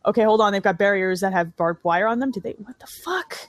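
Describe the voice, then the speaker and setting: A woman's voice: mid-range voice, fast, no room sound. A woman making sarcastic, profane running commentary on a film with a friend. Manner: sarcastic, swearing, mocking the film. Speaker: movie riff co-host. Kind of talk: casual movie commentary.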